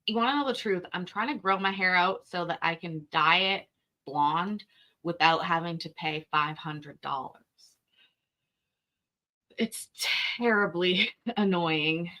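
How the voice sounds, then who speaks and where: A woman's voice: on the low side, measured pace, bright, forceful tone. A woman hosting a casual commentary show, chatty and openly incredulous. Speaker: host.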